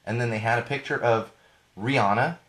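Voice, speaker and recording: A man hosting a live podcast, rambling and indignant in a casual rant, his voice going hoarse. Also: medium pitch, brisk, fairly bright tone. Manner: rambling, indignant, self-correcting. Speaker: podcast host.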